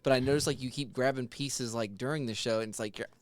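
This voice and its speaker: Fast teasing podcast co-host man. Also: medium pitch, steady tone, no echo. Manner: teasing, joking. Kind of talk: casual podcast chat.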